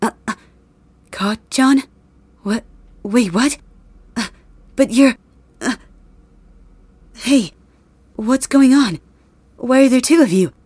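A woman voicing an earnest young male hero, high, pleading and frantic. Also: takes it slowly, pauses often, breathy edge, no room sound. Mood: confused. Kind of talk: audio drama role-play.

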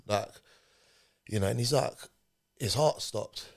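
A man's voice: mid-range voice, normal speed, vocal fry, long pauses. A man, a podcast guest telling a personal story in conversation, animatedly acting out what people said. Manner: animated retelling, acting out quoted speech.

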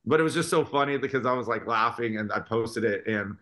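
Man, guest musician, casual interview talk, animated storytelling, filler-heavy, mid-pitched voice. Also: fairly quick.

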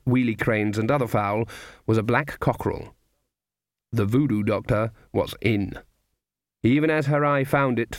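A man narrating an audiobook in measured storytelling. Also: mid-range voice, no echo, studio quality. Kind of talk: scripted narration.

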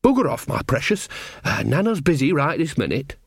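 A man's voice: fairly high pitch, sing-song, brisk, gravelly, slightly rough, no room sound, studio quality, heavily acted. A man voicing a cheerful, earthy old witch grandmother in an audiobook, talking in a chatty, homely way.

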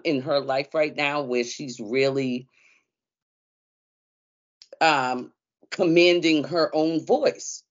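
A woman co-hosting a casual podcast, telling a story in an animated way with slang and lots of fillers. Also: deep voice. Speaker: co-host. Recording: dull lo-fi sound.

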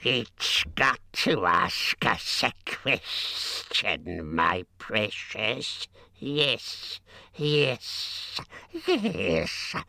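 A man's voice: mid-range voice, pushed and bright, no echo, voice pushed up, full character voice. A man voicing Gollum, a wretched hissing male cave creature who wheedles and calls himself us, in an audiobook. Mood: wheedling. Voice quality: gravelly. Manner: hissing, wheedling, talks of itself as us. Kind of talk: audiobook character voice.

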